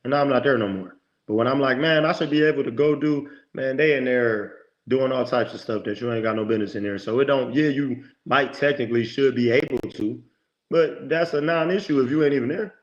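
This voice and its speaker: Homme au ton emphatique de prédicateur, son un peu étouffé. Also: male voice, mid-range voice, brisk, muffled recording. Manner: emphatic, preachy, lots of quoted self-talk. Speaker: podcast guest, motivational speaker. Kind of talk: conversational interview talk.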